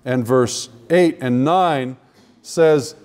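A man preaching a sermon to a live audience, emphatic, slowing down to stress key words and addressing listeners directly. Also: medium pitch, a little mellow.

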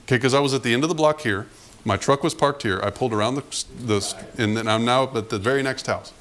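Man, pastor, sermon, animated storytelling, acts out voices, mid pitch. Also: quick pace.

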